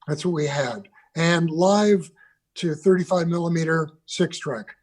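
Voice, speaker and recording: A man's voice: fairly high pitch, a little slow. An older man, a guest on a video call interview, reminiscing about recording sessions with loose restarts. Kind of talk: conversational interview.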